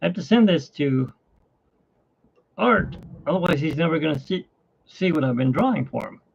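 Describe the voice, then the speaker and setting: A middle-aged man with hiccups chatting casually at home while drawing, rambling and animated, his pitch jumping up when he gets excited. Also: normal speed, gravelly, slight background noise. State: has hiccups. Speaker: artist and channel host. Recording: dull lo-fi home recording.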